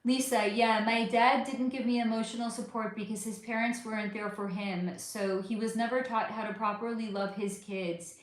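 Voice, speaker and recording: Woman, American accent, livestream host, casual chat, affectionate, swears freely, slightly high voice, heavy room echo. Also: steady tone, normal speed, few pauses. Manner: affectionate, swears freely, calls viewers honey. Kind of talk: casual chat reading viewer comments. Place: at home under a bright light. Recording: very echoey room.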